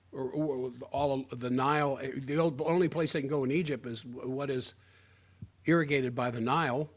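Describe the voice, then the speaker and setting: A man giving a sarcastic, rambling political opinion monologue, often restarting his sentences. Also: medium pitch. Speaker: political commentator.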